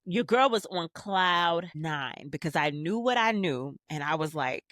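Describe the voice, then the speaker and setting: A woman's voice: on the low side, animated, a little slow, fairly bright tone, no room sound, studio quality. A woman hosting a solo podcast, casually telling a personal story in a candid, storytelling way with frequent restarts. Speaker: podcast host.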